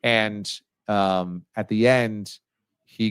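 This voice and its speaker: A male sports radio host telling a story in a casual, animated way, teasing a colleague with sudden jumps in his voice. His voice sits at a middle pitch. It is recorded close and dry, with no sense of the room. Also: normal speed, dry recording.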